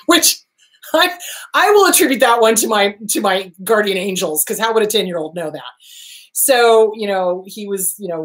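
A woman's voice: medium pitch, sing-song, moderate pace. Emphatic woman therapist talking to camera. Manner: emphatic, repeats key phrases for stress. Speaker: therapist hosting a question show. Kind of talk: answering viewer questions, casual monologue.

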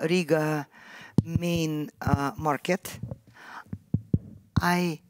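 A Russian-born woman speaking English with a Russian accent as a guest at a live public talk, pausing often to search for words. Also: sits low, no echo. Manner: halting, searching for words with many fillers. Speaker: panel guest, media executive.

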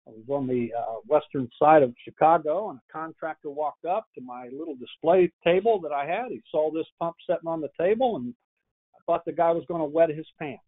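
A man's voice: on the high side, a little fast, slightly rough. Folksy male pump trainer, tinny sound. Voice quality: folksy, plain-spoken, frequent restarts. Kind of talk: training lecture with anecdotes.

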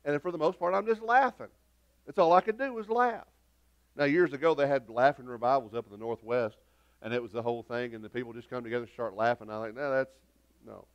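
A man's voice: medium pitch, quick pace, highs cut off. A middle-aged man, preaching a sermon as pastor in a folksy, rambling storytelling way with many restarts. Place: church sanctuary.

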